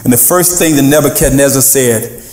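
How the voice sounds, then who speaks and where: A man preaching a sermon as pastor, animated, calling out to the congregation and half-singing some phrases. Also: medium pitch, moderate pace, soft background music. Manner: animated preaching with call-and-response and sung phrases. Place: church sanctuary. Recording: echoey church room.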